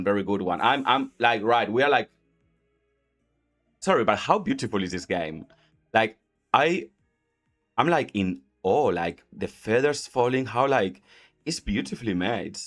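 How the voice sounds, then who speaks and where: A man's voice: lowish voice, fairly bright tone. Man, Spanish teacher, chatty, faint game music behind. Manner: chatty, heavy use of "like", laughs often. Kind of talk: casual language lesson while gaming. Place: at home.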